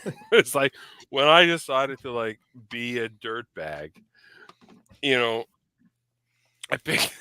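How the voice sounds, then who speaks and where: Drunk, rambling man with a bright voice. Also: medium pitch, smooth. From Newfoundland, Canada. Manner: rambling, profane, laughs often. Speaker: podcast co-host. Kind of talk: casual podcast chat.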